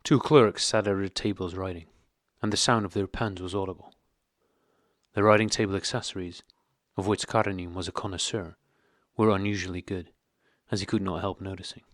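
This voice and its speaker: A man narrating an audiobook of a classic novel in a measured, steady way. His voice sits low, and the recording is dry and close. The pacing is even and unhurried. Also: dry recording.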